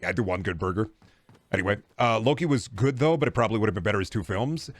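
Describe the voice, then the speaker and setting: A man's voice: lowish voice, expressive, fast. Profane rambling man streaming a game. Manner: rambling, profane, riffs into silly voices. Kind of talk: casual gaming stream chat.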